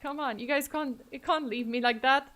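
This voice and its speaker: A woman streamer chats casually with her viewers, playful and mock-dramatic, laughing often. Her voice is high and fairly bright, with a moderate pace.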